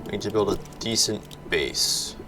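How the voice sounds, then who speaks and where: A man's voice: lowish voice, unhurried, over music. A man streaming a video game, talking through it in a laid-back, chatty way. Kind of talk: relaxed gameplay commentary.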